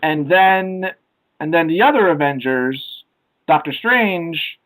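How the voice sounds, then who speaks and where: A man's voice: fairly high pitch, expressive, slow, a bit bright, poor audio. A young man co-hosting a casual podcast chat, rambling with many ums and uhs. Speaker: podcast co-host.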